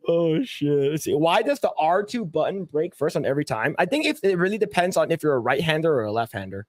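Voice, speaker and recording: A man hosting a casual podcast, laughing often and swearing freely while he acts out scenes in quick put-on voices. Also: fairly high pitch, big pitch swings, no room sound, clean studio sound. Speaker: podcast host. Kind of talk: casual chat.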